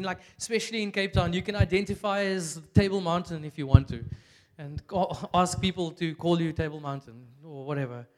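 A young South African man preaching a casual, humorous sermon in church, chatty and animated, with lots of "like" and bursts of laughter. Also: sits high.

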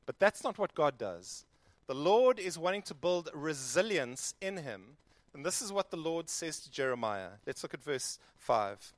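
Pastor, man, high voice, animated sermon delivery, dry recording. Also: measured pace, no room sound. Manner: animated preaching, acting out quoted prayers. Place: church.

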